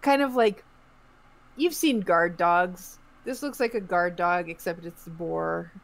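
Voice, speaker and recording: Woman game master, slow, creaky voice, relaxed descriptive tabletop narration. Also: fairly low pitch, rough recording. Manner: relaxed, descriptive, chatty with fillers.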